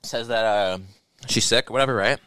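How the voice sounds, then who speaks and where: A man's voice: on the low side, normal speed, bright, forceful tone, smooth. A young man telling rambling, profane stories in casual comedic chat. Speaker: podcast co-host.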